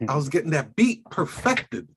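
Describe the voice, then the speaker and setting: A man hosting a casual coaching chat, speaking in a slow, deliberate and emphatic way. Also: fairly high pitch, big pitch swings, a bit bright, husky. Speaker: podcast host coaching notaries.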